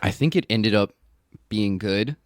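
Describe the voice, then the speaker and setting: A man's voice: fairly low pitch, a little slow, dry recording, studio quality. A man appearing as a podcast guest, giving an earnest, thought-through opinion on a TV episode in casual chat. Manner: earnest, thinks aloud, lively delivery.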